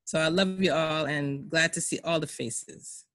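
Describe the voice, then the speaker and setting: A woman speaking chattily on a family video call, rushing through asides. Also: sits low, fairly even intonation, fairly bright tone, dry recording. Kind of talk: casual remarks on a video call.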